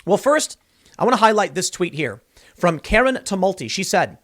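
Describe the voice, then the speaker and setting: A man's voice: high-pitched, very animated, moderate pace, a bit bright. A man hosting a political commentary show, reading news excerpts aloud and breaking in with casual remarks like "dude" and "man".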